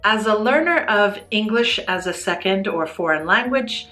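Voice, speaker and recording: A woman teaching English, explaining common language mistakes in a clear, measured way with now and then a light laugh. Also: medium pitch, pushed and bright. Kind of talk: scripted educational explanation.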